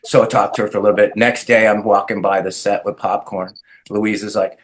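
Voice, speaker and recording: A man's voice: lowish voice, little pitch movement, brisk. A man, an actor guest, telling casual anecdotes animatedly and acting out the voices he quotes.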